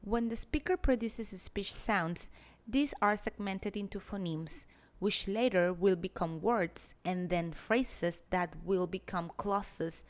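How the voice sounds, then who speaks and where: Woman w/ a giving a lecture, measured and explaining, voice in the middle range. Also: mid-range voice. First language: Spanish. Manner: measured, explanatory, demonstrates examples aloud. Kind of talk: academic lecture narration.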